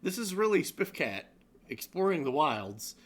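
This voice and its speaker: A man's voice: on the high side, sing-song, measured pace, fairly bright tone. A man co-hosting a comedic live-streamed news roundup, rambling and joking, often laughing. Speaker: co-host.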